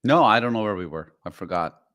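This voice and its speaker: A man's voice: on the low side, lively intonation, brisk, a bit bright. A man co-hosting a podcast in casual chat, rambling and opinionated, full of fillers. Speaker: podcast co-host.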